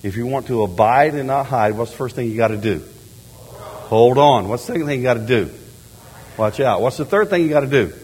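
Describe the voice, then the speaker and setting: Man, middle-aged pastor, sermon, animated quiet-to-loud delivery, long reverb in a large church. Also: mid-range voice, fairly quick. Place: church sanctuary.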